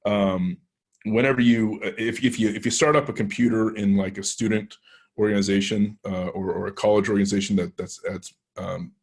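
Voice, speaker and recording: A man's voice: fairly low pitch, fairly even intonation, normal speed, breathy edge. A man with a Texan accent, a penetration tester telling a story to a club, rambling and hesitant with many restarts. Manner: rambling anecdotal delivery, frequent hesitations and restarts. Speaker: penetration tester guest speaker.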